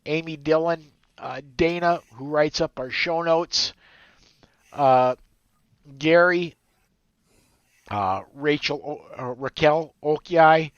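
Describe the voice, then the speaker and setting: A male podcast host speaks in a smooth, clear voice, close and dry in the room, though the sound is a little dull. He is choked up and halting, dropping fillers as he thanks his team. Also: on the high side, dry recording. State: choked up, emotional. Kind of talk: emotional farewell chat.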